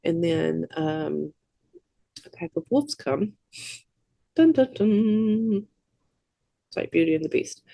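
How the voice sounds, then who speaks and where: Recapping a film scene by scene on a podcast, this co-host is chatty and animated, sprinkling in wry side comments. The delivery is a little slow at medium pitch, creaky with a breathy edge, and there's no echo.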